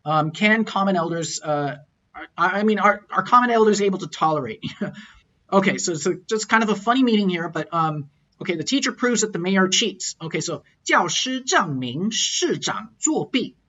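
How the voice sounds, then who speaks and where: A man teaching an online pronunciation lesson, explaining and then slowly repeating example phrases. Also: sits high, bright, forceful tone, muffled recording. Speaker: language teacher.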